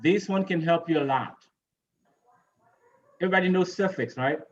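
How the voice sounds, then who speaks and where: A man's voice: a little high, normal speed, dull audio, soft background music. A man teaching an English pronunciation lesson, patiently repeating words and quizzing his class on which syllable to stress.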